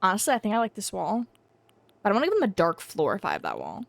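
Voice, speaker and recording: A woman's voice: mid-range voice, huge pitch swings, quick pace, creaky. A young woman streaming a video game from home, thinking aloud in a rambling, casual way and humming to herself. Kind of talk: casual live-stream chatter while playing.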